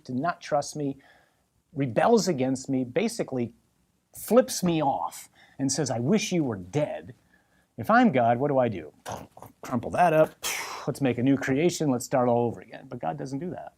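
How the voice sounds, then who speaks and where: Husky-voiced priest preaching emphatically. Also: male voice, mid-range voice. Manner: animated, emphatic preaching with repetitions. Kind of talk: sermon.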